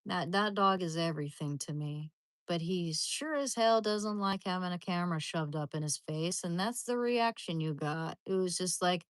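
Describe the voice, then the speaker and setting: A woman's voice: fairly low pitch, normal speed, no room sound. A woman chatting casually to her live stream audience from home, rambling along with many restarts. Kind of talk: casual livestream chat.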